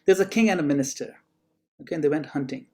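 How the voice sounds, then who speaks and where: A man's voice: on the high side, fast talker, warm tone. A man teaching in an online class, telling a story in a conversational way with fillers. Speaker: spiritual teacher.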